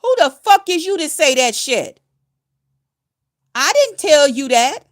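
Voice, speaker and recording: High-voiced woman in a cussing rant. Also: sing-song, slow pace. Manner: heated, cussing, insulting, emphatic. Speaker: nurse and vlogger. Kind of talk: angry profane rant to camera.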